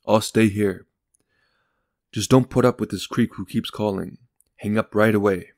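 A man playing a shaken young father who speaks in clipped, sharp lines. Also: on the low side, fairly even intonation, a little slow, vocal fry, dry recording, clean studio sound. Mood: reassuring.

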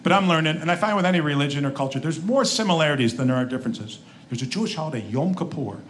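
A man's voice: fairly high pitch, expressive, racing. A man in his forties doing a conversational, self-deprecating stand-up set with quoted asides, on a live club stage. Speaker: stand-up comedian. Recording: live room with crowd laughter and noise. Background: audience laughter.

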